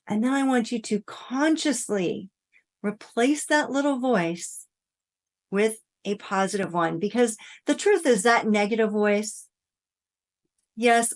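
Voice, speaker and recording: A woman coaching listeners through a self-love talk in a gentle, encouraging way, speaking straight to the listener and dropping soft and quiet for affirmations. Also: fairly high pitch. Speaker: wellness coach. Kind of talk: guided self-help talk.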